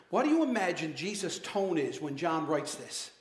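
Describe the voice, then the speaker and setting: A pastor delivers a passionate sermon in a fairly high voice, firing off rhetorical questions and calling out to his congregation. His voice rings through an echoey church hall. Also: very animated, normal speed.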